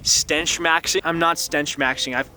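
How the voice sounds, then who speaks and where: A young gaming YouTuber keeps a steady, sharp tone and an unhurried pace while playing a story game outdoors. He reads its lines aloud in silly high-falsetto character voices, joking and rambling between them.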